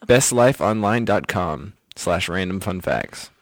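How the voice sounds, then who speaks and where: Young male podcast host, deep voice, dry close sound, relaxed chatter. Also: measured pace, dry recording. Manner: laid-back, chatty, with fillers. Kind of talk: casual podcast chat.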